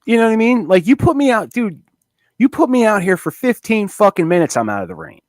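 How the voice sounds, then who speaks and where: A man's voice: high-pitched, big pitch swings, quick pace, no room sound. A man co-hosting a podcast, chatting casually and animatedly with a lot of swearing and rambling restarts. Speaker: podcast co-host. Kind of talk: casual profane banter.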